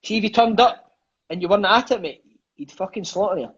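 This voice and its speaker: Lively Scottish man telling football stories. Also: high-pitched, fairly quick, husky. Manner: animated, swearing, peppers lines with "mate". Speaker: interview guest, former footballer. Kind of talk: casual storytelling chat. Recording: dull lo-fi sound.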